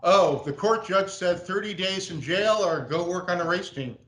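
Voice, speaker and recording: A man's voice: high voice, moderate pace, a bit bright. American guy rambling thru a story on a video call, middle-aged, kinda roomy sound. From USA. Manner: casual, rambling anecdote with acted quotes. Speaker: guest speaker, race car designer. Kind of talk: relaxed storytelling Q&A.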